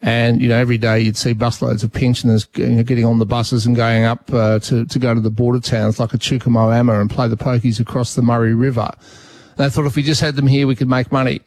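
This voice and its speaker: A man's voice: medium pitch, level tone, quick pace, a little mellow. An Australian man hosting a talkback radio show, chatting casually with callers and thinking aloud with frequent restarts. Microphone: studio mic.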